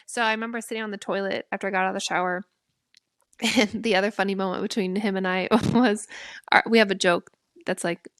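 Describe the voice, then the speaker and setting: Woman, young adult, podcast co-host, candid storytelling, animated self-quotes, mid pitch, dry close sound. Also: a little fast, no echo. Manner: lively, candid, quotes herself in animated bursts. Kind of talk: personal storytelling.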